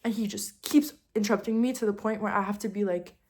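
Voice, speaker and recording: A young adult woman telling a casual storytime, talking fast with lots of fillers and getting heated as she vents. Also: medium pitch. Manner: fast chatty delivery with constant fillers; heated and animated when venting. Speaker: vlogger.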